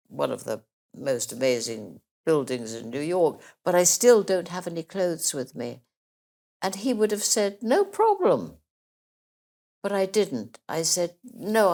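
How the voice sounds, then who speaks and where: A woman's voice: low-pitched, a little mellow. An older woman guest, emotional and close to tears, telling life stories and acting out the voices of people she quotes. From England. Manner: anecdotal, acts out quoted voices. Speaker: interview guest. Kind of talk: emotional life-story chat.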